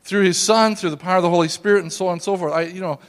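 A male pastor preaching a sermon, emphatic and conversational, calling out to his congregation and swinging from hushed asides to loud exclamations. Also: high voice, fairly even intonation, rapid-fire, big-room sound. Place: church sanctuary.

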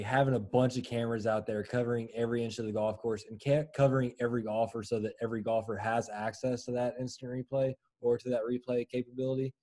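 Dry-humored male co-host, mellow voice, plain middle pitch. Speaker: golf podcast co-host. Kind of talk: casual chat.

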